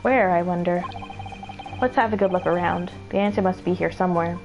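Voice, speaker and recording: A woman's voice: on the low side, fairly even intonation, brisk, lo-fi sound, lightly acted. A woman reading an earnest young male lawyer. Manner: earnest, thinking aloud. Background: game music.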